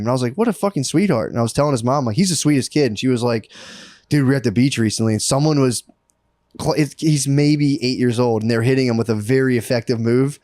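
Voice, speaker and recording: A man in his thirties co-hosts a comedy podcast at a middling pitch. He laughs a lot and bursts into squeaky voices when he quotes people. The mic is close and dry. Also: quick pace, darkish tone, dry recording. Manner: laughs often, jumps into high exaggerated voices for quoted people. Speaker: podcast co-host. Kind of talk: casual comedic chat.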